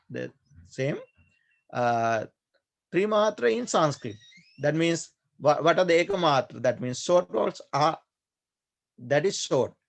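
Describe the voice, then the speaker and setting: A male monk teaching a grammar class in a slightly raised voice with a gravelly edge. He speaks slowly, repeating each term and stopping often with filler sounds. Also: on the high side. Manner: slow, repetitive, hesitant with many fillers. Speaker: Pali teacher, Buddhist monk. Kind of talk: online class lecture.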